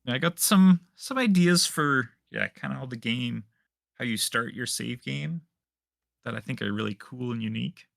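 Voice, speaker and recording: A man from Manitoba, Canada, answering interview questions as a guest modder in a relaxed way, with many pauses and fillers. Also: mid-range voice, vocal fry, dry recording, studio quality.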